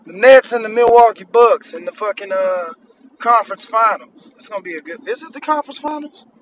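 Man, thirties, podcast host, profane blunt rant, high voice, faint background hiss. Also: fairly quick, poor audio. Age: 30s. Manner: profane, blunt, annoyed ranting.

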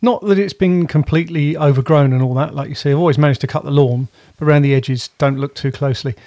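A man co-hosts a podcast from home in casual, rambling chat, often correcting himself. His voice is a little high and darkish, he talks fast, and there's no room sound.

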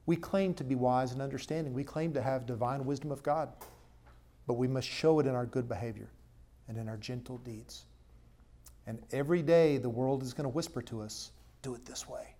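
A male pastor preaching a sermon at a church service and then leading a prayer. He talks emphatically, pushing his voice up for stress, dropping to an earnest hush, and putting questions to the congregation. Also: medium pitch, fairly quick.

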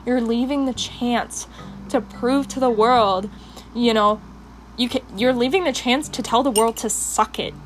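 A woman's voice: a little high, measured pace, a little hiss or hum, poor audio. A young woman hosting a personal podcast, talking with passion and rambling with many fillers while doing her makeup. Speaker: podcast host.

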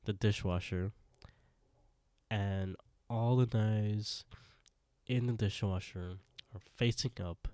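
A man with a low voice recaps a show episode in relaxed podcast chat. He acts out the characters' lines and laughs along as he goes. The recording is dry and close, with no room sound. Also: takes it slowly, pauses often, no room sound. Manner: storytelling, acting out quotes, laughing often. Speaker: podcast co-host.

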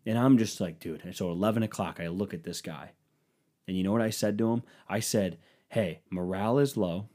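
A man telling a crude, animated comic story about laying a floor, acting out his friends' lines in low mumbles. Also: brisk. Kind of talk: profane comedic storytelling.

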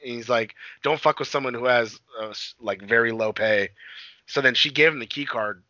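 A man rambles through a movie plot in casual podcast chat, swearing freely and acting out lines. His voice is very bright and forceful. The mic sounds dry and a little dull. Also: medium pitch, normal speed, no room sound. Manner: rambling, profane retelling with acted-out quotes. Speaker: podcast co-host.

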